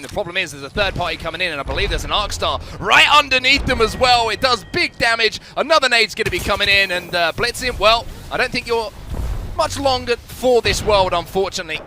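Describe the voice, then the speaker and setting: Bright, high-pitched British caster. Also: male voice, a little fast, faint music behind. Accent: British or Australian English. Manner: energetic, rising on big plays. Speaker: esports caster. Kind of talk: play-by-play commentary.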